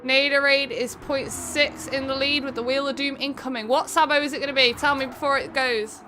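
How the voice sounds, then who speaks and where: A woman's voice: high-pitched, fairly even intonation, pushed and bright, a little hiss or hum. A woman with an English accent, commentating a racing game live on stream and chatting with viewers. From England. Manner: chatty, quick race commentary, greets viewers by name. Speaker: streamer hosting an online racing event.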